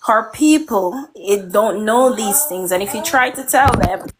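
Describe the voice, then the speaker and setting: A woman's voice: mid-range voice, lively intonation, a little slow, heavy background noise. A woman, hosting a casual live stream, politely but insistently steering the talk. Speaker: host.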